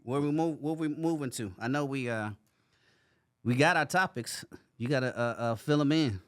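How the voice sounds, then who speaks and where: A man's voice: medium pitch, normal speed. A man co-hosting a podcast in casual chat, loose and profane, laughing often as he talks. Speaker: podcast co-host.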